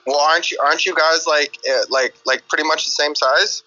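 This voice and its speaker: A man chatting on a game stream, stammering and jumping in with excited interjections. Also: on the high side, fairly quick. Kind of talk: casual voice chat banter. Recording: lo-fi voice chat audio.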